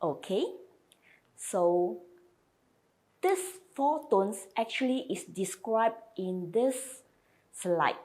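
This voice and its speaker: A woman's voice: mid-range voice, lively intonation, very slow, long pauses, dark tone. A woman teaching a slide lesson, patiently modelling each sound and repeating it for learners. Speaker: language teacher.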